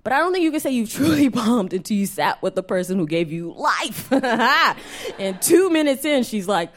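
A young adult woman performing a live stand-up set in a small venue, animated and self-mocking, often laughing at her own jokes. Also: on the high side, normal speed. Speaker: stand-up comedian.

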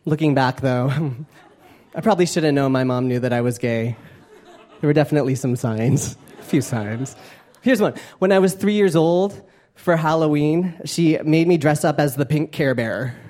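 A man's voice: fairly high pitch, moderate pace, darkish tone. A man performing a stand-up comedy set on stage, self-mocking and playful, often laughing through his lines. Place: comedy club stage before a live audience. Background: audience laughter and room noise.

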